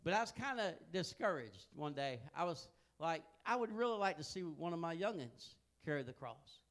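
An older man preaches in a folksy, storytelling way. His voice sits high and leaps widely in pitch, dropping to hushed asides and then climbing to loud, emphatic peaks. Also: sing-song, moderate pace. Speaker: pastor. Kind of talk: sermon.

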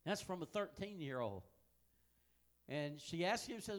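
An older man preaching a sermon, telling folksy family stories that swing from hushed asides to loud, emphatic peaks. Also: fairly high pitch, animated, a little slow. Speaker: pastor.

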